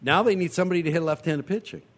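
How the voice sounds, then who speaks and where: A man's voice: a little high, very fast. A man hosting a casual sports talk chat, pressing his points about the team with rhetorical questions.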